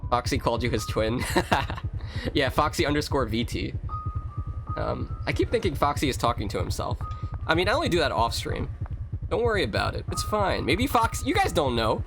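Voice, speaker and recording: A man streaming a horror game live, rambling and reacting loudly, chatting with viewers as he plays. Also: medium pitch, normal speed, vocal fry, music in the background. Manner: animated, rambling, reading chat, exclamatory. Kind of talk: casual live-stream commentary.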